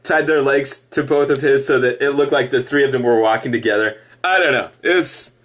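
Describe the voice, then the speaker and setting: A middle-aged man ranting casually to camera about his past, animated and sarcastic, with laughing asides. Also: mid-range voice, brisk. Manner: animated, laughing asides, mock-cheerful impressions. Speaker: ex-member giving opinions.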